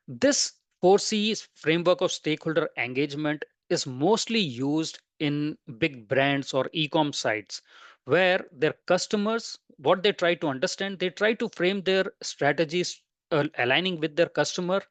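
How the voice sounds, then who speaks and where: A man's voice: on the high side, normal speed, fairly bright tone, no echo. A man presenting a webinar lecture, explaining step by step and listing terms one after another.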